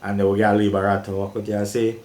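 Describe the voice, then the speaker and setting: A man's voice: lowish voice, little pitch movement, very fast, darkish tone, roomy sound. An older man with a Trinidadian accent tells an emotional story from his working life in a casual, repetitive way, often calling the listener "boy".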